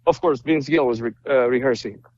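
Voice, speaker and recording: A male musician from Romania chatting as a podcast guest, telling lively stories and acting out what people said. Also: mid-range voice, a little fast, muffled recording. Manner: animated storyteller, acts out quoted dialogue. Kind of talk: casual interview chat.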